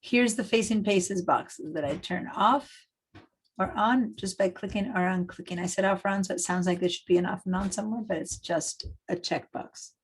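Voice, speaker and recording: A middle-aged Argentine woman teaches a design class over a video call, her husky, mid-range voice moving at a normal pace through a chatty, step-by-step explanation packed with fillers. She is captured on a computer mic, and the audio quality is poor.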